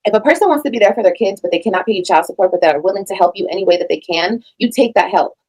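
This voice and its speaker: A woman's voice: mid-range voice, lively intonation, racing, darkish tone, slightly rough, rough recording. A woman reacting to a recording, blunt, profane and emphatic in her commentary. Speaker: reaction streamer.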